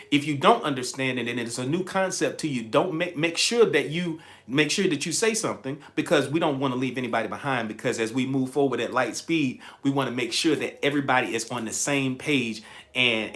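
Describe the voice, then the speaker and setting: A man hosting a live-streamed coaching talk, repeating key phrases and greeting viewers by name with lots of energy. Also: mid-range voice. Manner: energetic, repetitive, chatty with viewers. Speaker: livestream host and coach.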